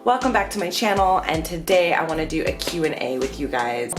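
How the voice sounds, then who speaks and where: A young American woman vlogging a casual Q and A from her bedroom, chatty and animated, with lots of fillers. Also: sits low, brisk, reverberant, music in the background. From United States. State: out of breath. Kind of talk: casual Q and A vlog. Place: indoors at home, bedroom.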